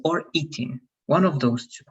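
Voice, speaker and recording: A teacher giving feedback and pronunciation drills in an online English class, patiently repeating words slowly. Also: medium pitch, breathy edge, highs cut off.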